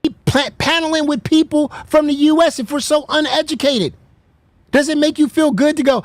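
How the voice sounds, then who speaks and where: Hosting a reaction show, a woman from the United States offers heated commentary, speaking bluntly with lots of swearing and mocking laughter. She has a high voice at normal speed, with no echo.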